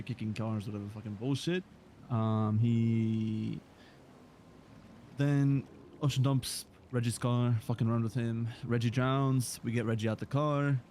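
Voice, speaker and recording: Hoarse man telling an aggrieved story. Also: mid-range voice, darkish tone, slight background noise. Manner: rambling, aggrieved retelling. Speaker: roleplay gamer. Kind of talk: in-character roleplay storytelling.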